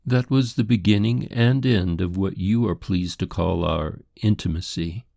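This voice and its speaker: A man's voice: sits low, a little slow, vocal fry, dark tone, dry recording, studio quality, pitched above the performer's own voice. A man voicing a haughty, indignant English society lady who speaks in a prim, defensive, formal way.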